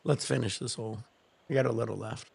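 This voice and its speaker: A man's voice: medium pitch, steady tone, quick pace, creaky, a little mellow, husky. A man streaming from home, chatting casually in a rambling, laid-back way with plenty of swearing.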